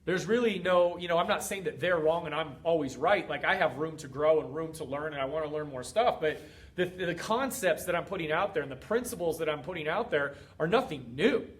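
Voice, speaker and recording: A fitness coach in middle age, hosting his group's motivational livestream, talks briskly in a fairly high voice. He's emphatic and preachy, repeating things often.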